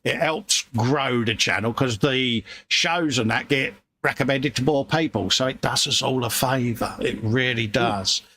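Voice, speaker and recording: A matey man hosts a relaxed livestream chat and reads out viewer messages. His voice is gravelly with a bright, forward edge. A faint noise sits underneath. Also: mid-range voice, unhurried, few pauses. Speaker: livestream host reading chat.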